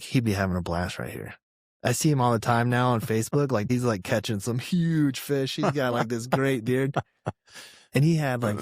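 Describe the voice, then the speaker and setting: In a casual storytelling interview, a Georgia man in his thirties, a veteran guest, shares army stories with plenty of profanity, loudly acting out other people's quotes. His voice is fairly low, recorded clean in a studio with no echo.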